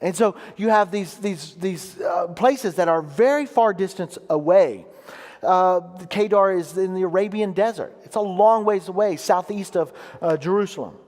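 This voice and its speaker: A man delivers a sermon from the pulpit, his voice sitting high for a man. He explains scripture with emphatic, weighty stresses. Long reverb trails off each phrase in the sanctuary. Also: a little mellow. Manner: emphatic preaching, reads scripture aloud with slow weighty pauses. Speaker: pastor. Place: church sanctuary.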